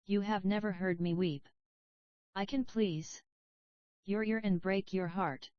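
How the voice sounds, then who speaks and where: A woman voicing a big, ugly, possessive old toad mother, gruff and coarse, in a dull lo-fi recording. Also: mid-range voice, steady tone, slow pace, no echo, lightly acted. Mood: pleading.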